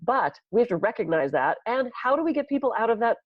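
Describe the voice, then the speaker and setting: A woman's voice: a little high, fast talker, no room sound, dull audio. Podcast lady telling stories, acts out everyone, dry dead sound. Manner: animated storyteller, acts out quoted people. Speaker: podcast co-host, massage therapist. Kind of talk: casual podcast chat.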